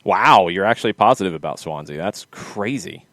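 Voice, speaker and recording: Lively, teasing male podcast host. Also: low-pitched, dry recording. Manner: quick, lively, teasing co-hosts. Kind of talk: casual sports chat.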